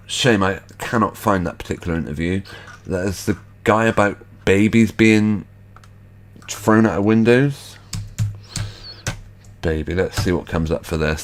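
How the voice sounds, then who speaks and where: A man's voice: deep voice, a little hiss or hum. A man hosting an online show, making skeptical, rambling remarks over video clips. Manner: skeptical, rambling asides with fillers. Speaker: host.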